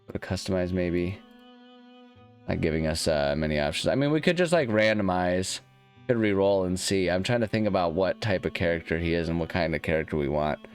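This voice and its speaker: A man's voice: low-pitched, animated, a little fast, soft background music. A man hosting a let's-play, rambling and self-deprecating as he thinks aloud through his choices. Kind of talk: casual gameplay commentary.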